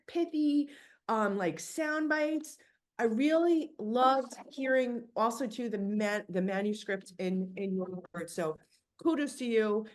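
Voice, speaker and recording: Effusive woman, interview host, higher voice, video call. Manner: effusive, emotional, gushing praise. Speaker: interviewer and book club host. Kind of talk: casual online interview.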